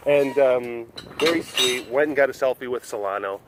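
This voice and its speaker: A man's voice: mid-range voice, normal speed, background noise. A man vlogging outdoors at an animal sanctuary while walking, talking in a rambling, casual way and chuckling often. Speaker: vlogger at a big cat facility.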